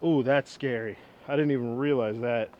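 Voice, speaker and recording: A young woodworking vlogger in his twenties chats casually outdoors while working with an old axe, rambling, poking fun at himself, and chuckling often. His tone is steady at a moderate pace. Wind rumbles in the background, and the recording sounds muffled.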